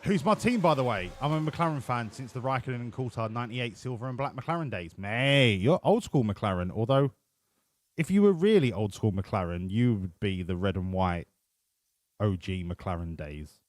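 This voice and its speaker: A man's voice: medium pitch, expressive, normal speed, dry recording. A man commentating his game livestream, joking and swearing as he banters with his chat. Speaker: streamer. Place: home room.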